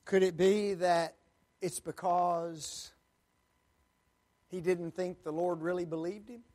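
A man's voice: high-pitched, steady tone, darkish tone. A man preaching a sermon, dramatic, acting out pleading quotes and addressing the congregation as folks. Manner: slow, dramatic, acts out quoted pleas.

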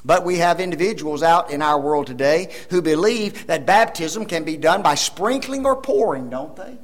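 A man preaching a sermon, emphatic, with rhetorical questions, swinging between loud stresses and soft asides. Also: on the high side, expressive, normal speed, rough recording.

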